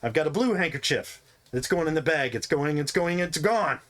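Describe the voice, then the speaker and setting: A man's voice: fairly high pitch, lively intonation, moderate pace, fairly bright tone. A man voicing a corny male stage comedian in a tabletop game, with hammy, brash showman patter. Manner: hammy, punchline-driven, brash emcee patter.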